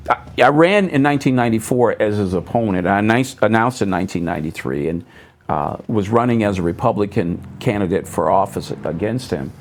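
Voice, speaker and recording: A middle-aged man, a pastor, telling stories as a guest on a talk show, acting out others' words in sudden higher tones and dropping low on asides. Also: fairly quick, slight background noise. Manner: animated storyteller, voices other people's remarks with sharp jumps up in pitch. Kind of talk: storytelling in a talk show conversation. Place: local public access TV studio.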